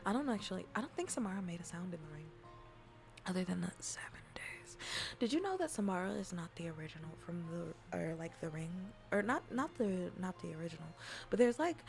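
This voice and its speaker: A woman streamer chatting casually in a soft ASMR style, rambling and giggly, often dropping into whispers. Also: on the low side.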